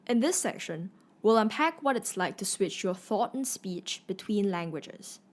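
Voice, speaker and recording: A woman narrating a podcast segment from a script, brisk and informative. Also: mid-range voice, lively intonation.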